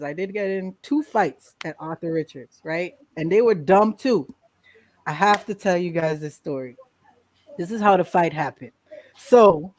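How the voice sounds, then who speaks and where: A woman guest in a casual interview, telling a lively story, acting out quotes and laughing often. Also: lowish voice, no room sound. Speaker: podcast guest.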